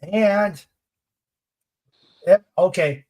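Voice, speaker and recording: A man hosting a casual livestream, chatting and reading viewer comments aloud in an unhurried way. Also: fairly high pitch, expressive, a little mellow. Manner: unhurried, chatty, laughs at jokes. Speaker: livestream host.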